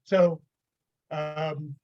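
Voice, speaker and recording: A man's voice: fairly high pitch, little pitch movement, extremely slow, darkish tone, lo-fi sound. An older man from the United States, a podcast guest, telling rambling anecdotes with chuckles in a casual interview.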